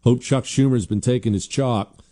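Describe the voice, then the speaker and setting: A man hosting a political talk radio show, mocking and sarcastic, pitching up into loud jeers. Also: moderate pace. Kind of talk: political talk radio monologue and live ad read.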